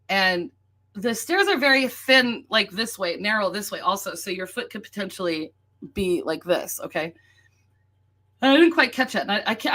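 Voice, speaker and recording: A woman, casually telling a story while showing photos, animated and chatty, laughing often. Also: medium pitch.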